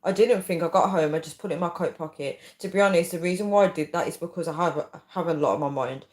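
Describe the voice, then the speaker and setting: A woman's voice: fairly low pitch, quick pace, reverberant. A woman hosting a casual livestream, rambling chattily with frequent ums as she reads viewer comments. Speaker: livestream host. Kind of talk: casual live chat, reading viewer comments.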